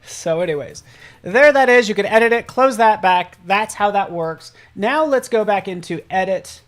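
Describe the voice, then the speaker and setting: Upbeat man teaching a live software tutorial. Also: sits high, lively intonation, normal speed. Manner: upbeat and chatty, talks to live chat viewers; casual and self-joking. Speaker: host and software instructor.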